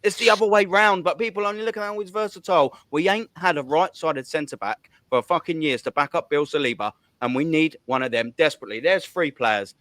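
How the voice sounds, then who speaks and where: A man's voice: on the high side, a bit bright, no room sound. A man, hosting a heated fan rant, swearing a lot and hammering his points home. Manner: fast, swearing, repetitive counting. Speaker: host.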